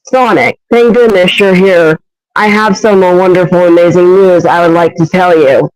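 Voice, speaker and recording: A man voicing a gracious, regal mother hedgehog queen in a high-pitched, formal and earnest voice. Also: steady tone, normal speed, smooth, no room sound, natural voice, low-quality recording. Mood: urgent.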